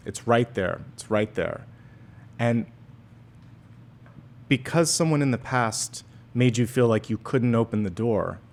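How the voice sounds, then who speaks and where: A man with a fairly low voice talks through a tarot spread for his viewers. He is earnest and gently encouraging, and he pauses and fills gaps as he thinks aloud. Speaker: tarot reader and medium. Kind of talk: monthly tarot forecast.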